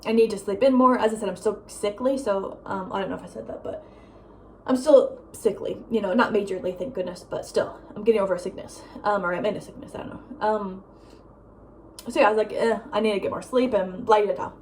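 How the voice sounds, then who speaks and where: A young woman vlogging at home in a casual, rambling chat, full of "like" and "um" and quick laughs. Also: medium pitch, steady tone, slight background noise. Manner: rambling, lots of "like" and "um", laughs often; breezy, drifts between loud and soft. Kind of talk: casual chatty vlog monologue.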